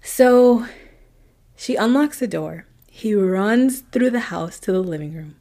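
Woman storyteller, casual and animated, acts out lines and drops to whispers for effect. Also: mid-range voice, slow pace.

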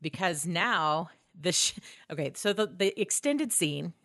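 A woman's voice: lowish voice, expressive, unhurried, a bit bright, dry recording, clean studio sound. A woman co-hosting a podcast, retelling film scenes with enthusiasm, swearing freely and acting out characters' lines. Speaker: podcast co-host. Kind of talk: casual film discussion.

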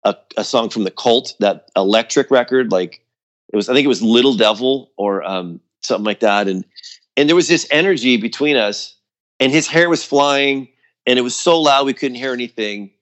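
Chatty man telling a band story. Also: normal speed. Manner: animated storytelling, acts out quotes in a higher voice; loose and chatty, many fillers like "like" and "you know". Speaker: guest musician. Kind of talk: casual storytelling.

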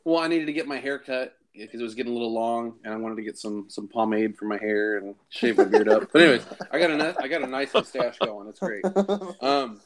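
Animated man telling game stories. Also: medium pitch, a little fast. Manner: animated, acts out characters' lines in raised voices. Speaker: podcast co-host. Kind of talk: casual storytelling chat.

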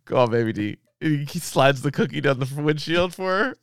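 A man's voice: on the high side, animated, brisk, vocal fry, smooth, no room sound, clean studio sound. A man in his thirties co-hosting a podcast in casual chat, laughing often and swearing freely. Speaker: podcast co-host.

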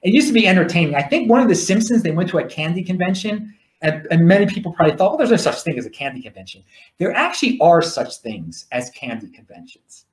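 A man's voice: sits high, fast talker, reverberant. A man with a Baltimore accent hosting a podcast, telling stories in a rambling, jokey way with many restarts. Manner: animated, repetitive restarts, jokey asides. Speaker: podcast host. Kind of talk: casual rambling monologue.

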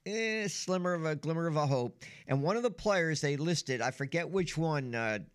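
A man hosting a sports talk show in casual chat, lively and emphatic. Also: on the high side, moderate pace, smooth.

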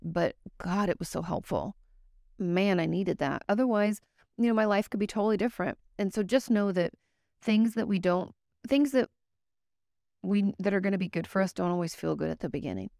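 A woman's voice: mid-range voice, normal speed, vocal fry, mellow, dry recording, studio quality. A woman therapist talking casually and candidly to her viewers, giving advice and now and then swearing. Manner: candid, conversational, occasionally swears.

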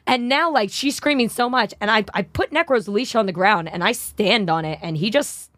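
A young woman, co-hosting a podcast and telling a long story in a rambling, animated way. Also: medium pitch, moderate pace, hardly any pauses, dry recording, studio quality. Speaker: podcast co-host. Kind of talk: casual comedic chat.

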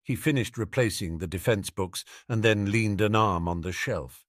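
A man narrating a fan fiction audiobook with expressive storytelling. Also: fairly low pitch, normal speed, dry recording, clean studio sound.

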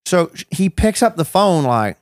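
A man's voice: fairly high pitch, sing-song, moderate pace, dry recording, studio quality. A man as a podcast guest, telling his own story in a reflective, self-deprecating way with many restarts. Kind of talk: personal storytelling in a podcast interview.

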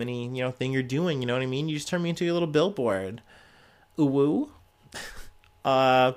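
Jokey man riffing on the news. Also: mid-range voice. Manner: animated, jokey, sarcastic, laughs often. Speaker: podcast host. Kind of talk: casual solo news commentary.

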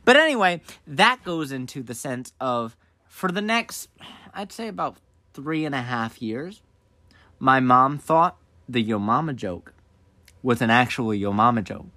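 A man with a bright, forceful voice tells a story on a podcast in loose, casual chat. He jumps up into other voices when he quotes people and laughs along at his own story. The sound is dry and close, with no room around it. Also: unhurried, no room sound. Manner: animated, acts out quoted voices with big pitch jumps. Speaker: podcast co-host.

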